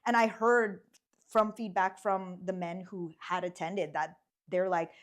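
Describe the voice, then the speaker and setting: A woman hosting a casual interview chat, playful and animated, often humming agreement while her guest talks. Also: fairly low pitch, a little slow. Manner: animated, playful, frequent backchannel hums. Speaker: host.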